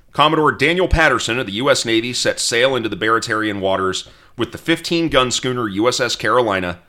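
Male podcast host telling history with wry humor; animated, bright delivery. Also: on the low side. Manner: storytelling, reads quotes aloud, wry asides.

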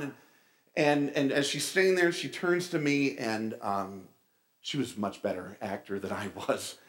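A male pastor preaching a sermon, telling stories with animated delivery and casual asides to the congregation. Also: medium pitch, moderate pace.

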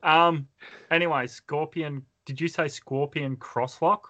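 A man's voice: a little high, fairly even intonation, a little slow, sharp tone, lo-fi sound. A man co-hosting a casual wrestling podcast, moving the talk along and asking questions. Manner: steers the talk, asks questions. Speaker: podcast co-host.

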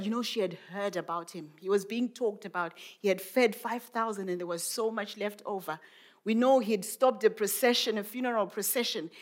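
A woman preaching a morning sermon at a mid-range pitch. She talks it through thoughtfully and muses aloud, asking her listeners question after question. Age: adult mother. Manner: reflective, musing with many rhetorical questions.

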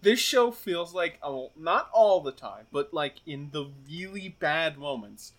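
A man's voice: on the high side, expressive, a little slow, fairly bright tone. A man co-hosting a podcast, wry and easygoing in casual chat. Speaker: podcast co-host.

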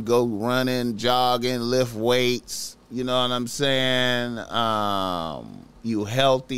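A man's voice: medium pitch, fairly bright tone, smooth. A man hosting a podcast, talking casually in a slangy, profane, preachy way, repeating himself as he urges listeners. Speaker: podcast host.

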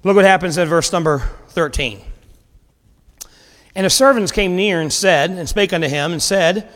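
A male preacher giving a sermon, retelling a scripture story in a casual, animated way with dramatic pauses. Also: high-pitched, big-room sound.

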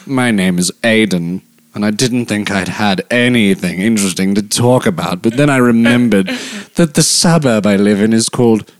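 A man's voice: lowish voice, moderate pace, no room sound, pitched below the performer's own voice, lightly acted. A man doing a drawling sneering wizard professor. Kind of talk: email read aloud in a put-on voice.

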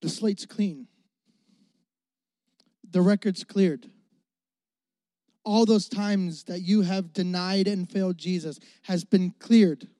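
A man's voice: sits high, dark tone, dry recording. A young adult man, a youth pastor, preaching a sermon with emphatic repetition and rising and falling volume.

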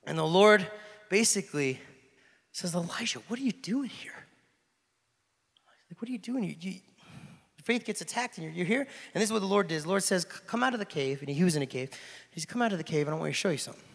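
A man preaches in a loose, joking style, shifting between animated storytelling and a hushed, intense delivery. His voice sits a bit high for a man and has a gravelly edge. The sound carries a long hall reverb. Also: fast talker. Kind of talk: casual sermon. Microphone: handheld microphone.

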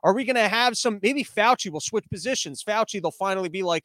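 A man with a high-pitched voice hosts a comedic commentary show from his living room studio. He rambles and riffs sarcastically, often restarting sentences. The sound is dry and close, with no room echo. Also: expressive, fast, fairly bright tone. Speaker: podcast host.

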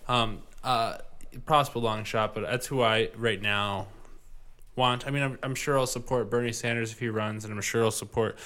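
A man's voice: medium pitch, steady tone, normal speed, bright, forceful tone. A man with a Midwestern accent chatting casually, hesitant and full of ums. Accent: Midwestern American. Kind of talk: casual chat.

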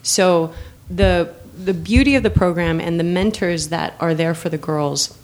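A woman talking casually in an interview about mentoring girls, telling stories with frequent laughs and fillers. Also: lowish voice. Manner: warm storyteller, laughs often, many fillers.

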